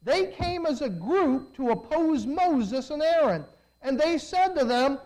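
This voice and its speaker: A preacher giving a sermon, telling the story in an animated way full of rhetorical questions. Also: high voice, unhurried, poor audio.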